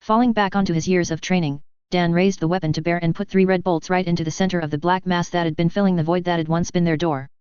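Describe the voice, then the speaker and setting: Crisp, smooth audiobook narrator. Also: medium pitch, fairly even intonation, fast, hardly any pauses, a little mellow, no echo. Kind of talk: audiobook fiction reading. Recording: slightly dull, lo-fi.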